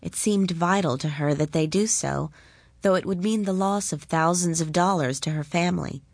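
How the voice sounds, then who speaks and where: A woman reading a story aloud in a calm, measured way. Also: on the low side, gravelly, no room sound, clean studio sound. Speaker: narrator.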